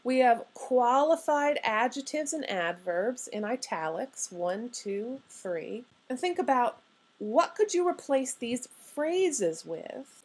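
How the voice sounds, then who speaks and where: A woman's voice: a little high, a little mellow. Woman giving a grammar lecture. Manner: clear, explanatory, playfully emphatic examples. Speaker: grammar instructor. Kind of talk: recorded online lecture.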